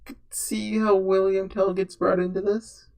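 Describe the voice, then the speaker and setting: A man's voice: high-pitched, level tone, unhurried, gravelly, a little mellow, recorded from a distance. A man giving casual, rambling commentary on a video game, joking as he goes and reading the game's dialogue aloud. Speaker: let's play streamer.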